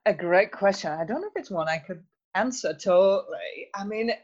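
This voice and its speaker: A guest in a podcast interview, speaking in a thoughtful, measured way with frequent fillers. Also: mid-range voice, animated, muffled recording. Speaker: interview guest, youth health researcher. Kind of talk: conversational interview.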